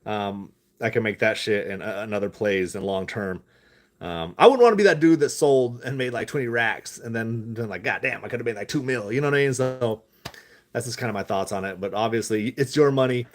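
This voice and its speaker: A man rambles on a live stream, swearing freely and laughing at his own tangents. His talk is loose and unhurried, chatty rather than polished. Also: lowish voice. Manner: loose, profane, laughing asides. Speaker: stock-talk vlogger.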